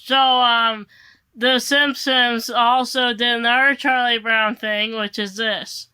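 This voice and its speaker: A woman's voice: fairly high pitch, fairly even intonation, slow, pushed and bright, clean tone. A young woman joining a casual podcast chat, asking curious questions. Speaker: guest.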